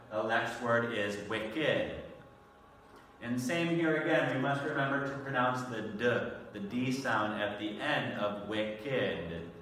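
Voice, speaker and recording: Slow, patient male ESL teacher, echoey. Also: mid-range voice, bright, forceful tone, far from the mic, a little hiss or hum. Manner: slow, patient, clearly enunciated teacher talk. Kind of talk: recorded online vocabulary lesson. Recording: echoey room, voice off-mic.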